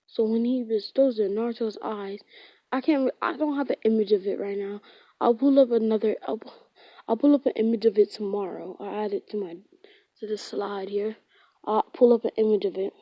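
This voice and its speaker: A woman's voice: medium pitch, steady tone, brisk, no room sound. A woman casually retelling a fan-fiction story, rambling, with lots of filler words and frequent self-corrections. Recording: dull lo-fi.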